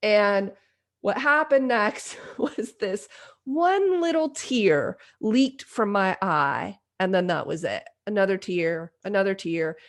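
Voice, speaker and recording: Woman podcast host in her forties, candid and self-deprecating, middle pitch. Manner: self-deprecating, confessional, lively retelling. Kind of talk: candid personal storytelling.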